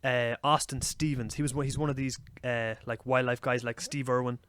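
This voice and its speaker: A young Irish man co-hosting a podcast, telling animal stories in a lively casual way and swearing freely. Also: mid-range voice, fairly quick, smooth. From Ireland. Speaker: podcast co-host. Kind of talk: casual chat.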